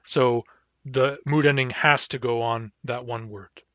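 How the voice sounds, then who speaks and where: A man teaching a language lesson, saying each word slowly and then repeating it. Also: medium pitch, fairly even intonation, pushed and bright, dry recording, dull audio. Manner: slow, deliberate, repeats each word twice.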